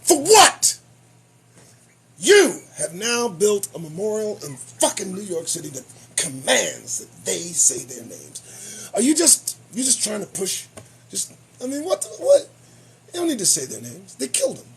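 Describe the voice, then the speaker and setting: A man's voice: high-pitched, normal speed, gravelly, a crowd in the background. A man hosting his own show, giving profane, sarcastic commentary on the news. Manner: animated, swearing, sarcastic. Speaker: show host.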